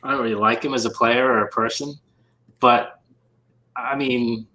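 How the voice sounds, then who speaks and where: A man with a bright, forceful tone talks things over at a measured pace, often restarting his sentences. His voice rings in an echoey room. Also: mid-range voice, steady tone. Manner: measured, thoughtful, halting restarts. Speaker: podcast host. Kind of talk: casual chat.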